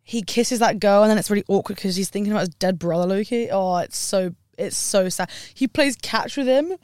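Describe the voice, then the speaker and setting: A woman's voice: mid-range voice, brisk, darkish tone, dry recording, studio quality. A young woman, co-hosting a podcast in casual chat, gushing and often trailing off mid-sentence. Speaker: podcast co-host.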